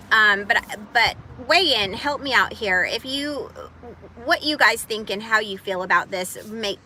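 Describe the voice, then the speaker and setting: A woman talking live to her viewers in a halting, emotional way, close to tears and apologizing as she goes. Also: medium pitch, sharp tone, slight background noise, poor audio. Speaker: vlogger, single mom. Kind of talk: emotional live-stream talk.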